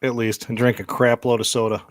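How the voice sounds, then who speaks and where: A man's voice: medium pitch, level tone, brisk, no room sound, studio quality. Laid-back man, brief reactions. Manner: short, easygoing reactions. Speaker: podcast co-host. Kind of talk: casual chat.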